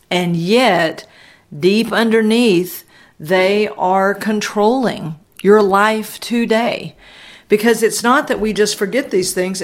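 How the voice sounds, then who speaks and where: Earnest woman preaching on a podcast. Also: mid-range voice. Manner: earnest, emphatic preaching with slowed, drawn-out phrases. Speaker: podcast host. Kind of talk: spoken devotional teaching.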